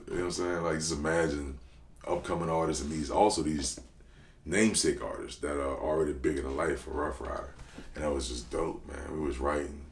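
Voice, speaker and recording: A man tells stories as a rapper guest in a relaxed interview. He talks in a slangy, animated way that jumps up in quick bursts of excitement. The room gives his voice a noticeable echo. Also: a bass voice. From New Orleans. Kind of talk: casual interview storytelling. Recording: roomy echo.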